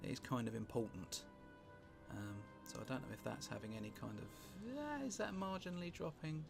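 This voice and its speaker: A British man casually commentating on a strategy game he is playing, rambling and wry, with sweary asides and thinking out loud. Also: mid-range voice, brisk, creaky. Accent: British English. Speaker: gameplay commentator. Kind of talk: casual let's-play commentary. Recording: music playing underneath.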